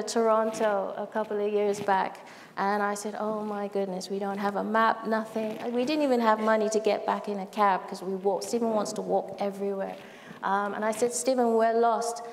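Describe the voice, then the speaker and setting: A woman's voice: mid-range voice, level tone, normal speed. A woman giving a heartfelt public talk on a large event stage, telling stories animatedly with quoted dialogue. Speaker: speaker at a live event. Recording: long hall reverb, faint noise.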